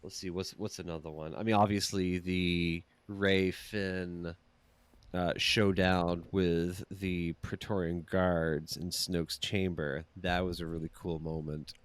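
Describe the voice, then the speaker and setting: Male podcast guest, low voice, casual and hesitant, lots of fillers. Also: flat delivery, takes it slowly, clean tone, no echo.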